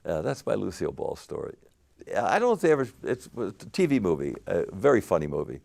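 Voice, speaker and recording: An older man tells stories in an interview with a gravelly, fairly low voice. His pitch swings widely as he drives an animated anecdote along, often breaking into laughter. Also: fast. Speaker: game show host interviewee. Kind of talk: storytelling interview.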